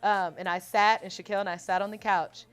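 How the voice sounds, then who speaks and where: A young adult woman singer-songwriter in a casual interview, telling stories with frequent laughter and reading her own lyrics aloud softly. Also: medium pitch, fast. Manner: animated storytelling, laughs often.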